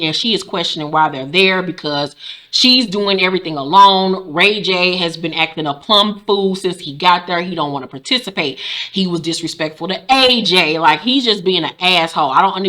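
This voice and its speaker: A woman in her forties with a bright, forceful tone. She talks in a blunt, sassy, profane way, like a YouTube host giving an unfiltered casual recap of a reality show. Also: fairly low pitch. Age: 40s.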